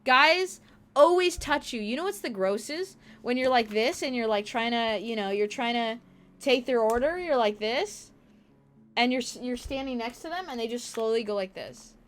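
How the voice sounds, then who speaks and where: A young woman streamer telling stories in casual chat, animated and profane, acting out the people she quotes. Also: on the high side, normal speed.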